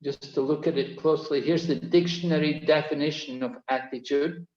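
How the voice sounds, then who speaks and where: A man's voice: fairly high pitch, steady tone, normal speed, few pauses, a little mellow. A man teaching an online course, explaining points earnestly and repeating key phrases. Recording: echoey, dull-toned video call audio.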